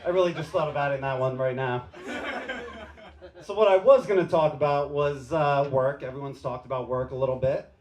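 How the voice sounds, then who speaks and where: A man's voice: mid-range voice, brisk, darkish tone. A man doing a loose, unscripted, self-deprecating stand-up set on a bar stage. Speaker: stand-up comedian. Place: comedy bar stage with live audience.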